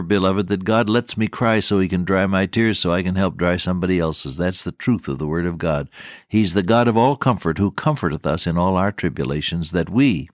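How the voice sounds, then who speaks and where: A man's voice: low voice, no echo, studio quality. A man preaching a sermon in an earnest, fervent old-style manner, quoting scripture as he speaks. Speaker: radio preacher.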